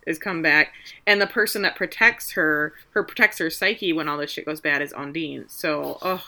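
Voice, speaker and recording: A woman's voice: sits low, normal speed, vocal fry, sharp tone. A woman co-hosting a casual podcast, chiming in with emphatic reactions and corrections. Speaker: podcast co-host. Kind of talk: casual chat.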